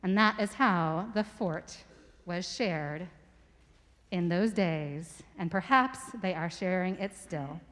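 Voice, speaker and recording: A woman in a church telling a children's story to the congregation, lively and stopping to ask listeners questions. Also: fairly low pitch, slow, big-room sound. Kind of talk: story for all ages told aloud to a congregation. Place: church sanctuary.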